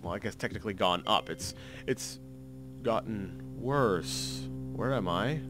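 A man's voice: lowish voice, unhurried, over music. A man in his thirties giving rambling, self-mocking commentary while playing a game, full of restarts and fillers. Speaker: let's play commentator. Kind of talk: gameplay commentary.

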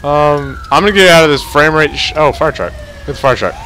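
A young man giving let's play commentary, tired but excitable, swearing often over loud game audio. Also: fairly high pitch, fairly quick. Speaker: gamer. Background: loud game sirens and traffic.

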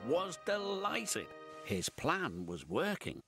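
A man narrating a children's story in an animated, sing-song way, with music behind. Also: on the high side, slow, gravelly.

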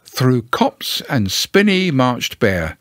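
A man narrating a children's storybook in a gentle, unhurried manner. His pace is slow and his pitch moves with lively ups and downs. The recording is dry and close, with no room sound. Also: dry recording. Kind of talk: storybook reading aloud.

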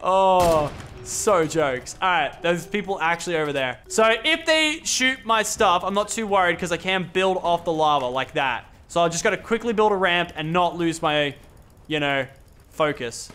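Young man, high lively voice, excitable gameplay commentary. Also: normal speed. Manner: excitable, laughing, talks to opponents. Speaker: gaming YouTuber.

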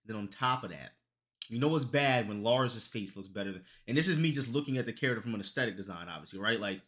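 A young man streaming live, chatting casually with viewers in a loose, profane, joking way that breaks into loud, high outbursts.

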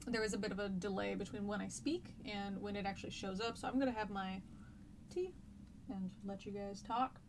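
A woman's voice: mid-range voice, steady tone, fairly quick, noisy background. Chatty woman teaching on a stream. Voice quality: chatty, rambling, with many fillers and restarts. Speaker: history teacher. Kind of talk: casual live-stream lesson chat.

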